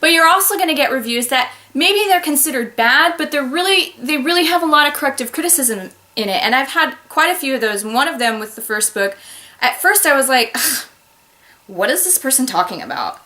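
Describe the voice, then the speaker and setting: A woman author giving advice in a casual, animated talk to her viewers from a home office, breaking into sudden loud exclamations. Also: high voice, a little fast.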